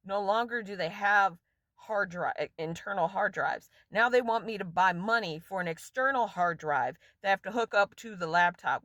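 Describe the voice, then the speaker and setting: A woman's voice: medium pitch, a bit bright, dry recording. A woman vlogger delivering an angry, profane rant straight to camera in a casual monologue.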